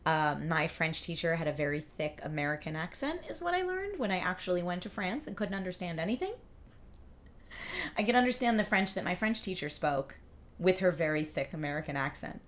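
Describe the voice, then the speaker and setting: A woman's voice: lowish voice, big pitch swings, fairly quick. A woman hosting a livestream, chatting casually and reading out viewer comments in an upbeat, rambling way. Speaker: livestream host.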